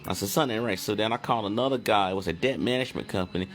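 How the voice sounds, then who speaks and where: A man's voice: fairly low pitch, racing, fairly bright tone, faint music behind. A man in a casual talking-to-camera monologue, recounting phone calls in a loose, blunt way. He drops swear words easily and slips into quoting both himself and the callers as he goes. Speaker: finance video host.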